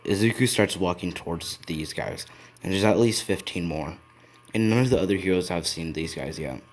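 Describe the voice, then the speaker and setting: A man's voice: deep voice, normal speed. A man improvising a fan story, rambling and correcting himself as he goes.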